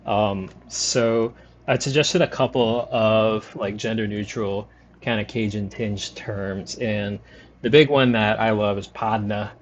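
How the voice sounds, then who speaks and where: A man from the New Orleans area giving rambling, relaxed commentary while streaming a game. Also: fairly low pitch, slow pace, highs cut off, a little hiss or hum. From New Orleans area, Louisiana. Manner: rambling, lots of fillers, relaxed. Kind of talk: casual commentary over gameplay.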